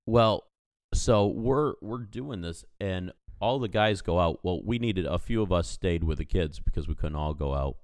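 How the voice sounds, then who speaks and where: A man's voice: low voice, moderate pace, darkish tone, smooth, no echo. A man in his thirties, a podcast co-host, telling a story in casual chat and animatedly acting out the people in it. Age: 30s.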